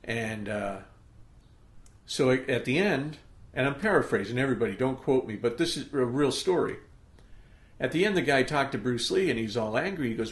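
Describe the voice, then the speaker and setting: A man's voice: medium pitch, expressive, normal speed. Emphatic motivational man in an echoey room. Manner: emphatic, pep-talk delivery with frequent "okay?" check-ins. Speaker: podcast host. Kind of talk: motivational podcast monologue.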